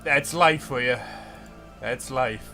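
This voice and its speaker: A man's voice: mid-range voice, takes it slowly, sharp tone, faint music behind. A young man from the United States who hosts a casual livestream, rambling and ranting with frequent swearing. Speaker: livestream host.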